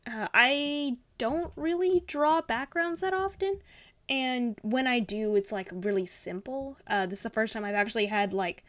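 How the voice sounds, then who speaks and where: Young female art vlogger, bubbly and rambling, slightly high voice, casual critique delivery. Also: lively intonation, unhurried. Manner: bubbly, gushing, rambling with fillers. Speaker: art channel host.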